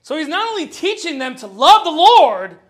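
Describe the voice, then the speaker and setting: A man in his thirties preaching a sermon as pastor, fervent and emphatic, then dropping into a low, chatty storytelling tone. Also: sing-song, normal speed.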